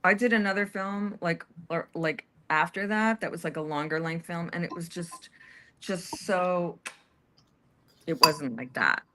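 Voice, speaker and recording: A woman's voice: on the low side, a little slow, sharp tone, a little hiss or hum. A woman chatting casually on a livestream, rambling and hesitant with many restarts. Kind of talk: casual chat.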